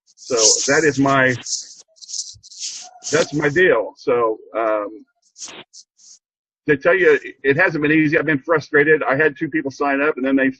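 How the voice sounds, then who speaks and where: An older man sharing a heartfelt story on a video call, earnest and halting, repeating himself as he gets choked up. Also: on the high side, a bit bright, husky, no room sound, lo-fi sound. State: emotional, choked up. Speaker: program participant sharing a story. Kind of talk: heartfelt rambling testimony.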